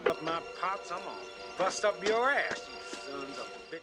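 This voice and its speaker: Brash drunk uncle, film clip. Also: male voice, sits high, animated, normal speed, over loud music. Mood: blustering. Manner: blustering, crude. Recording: film clip with loud score.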